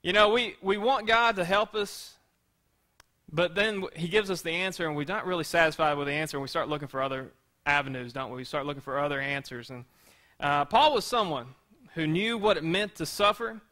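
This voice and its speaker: A man's voice: on the high side, a little fast, sharp tone. A man preaching a sermon as pastor in a conversational way, asking the congregation rhetorical questions.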